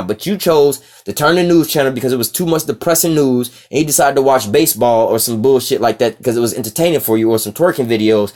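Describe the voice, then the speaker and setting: A man teaching the Bible in a casual street style, reading scripture slowly, then preaching with rough slang and profanity. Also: mid-range voice, a little mellow. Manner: rough slang and profanity, frequent "you know what I'm saying".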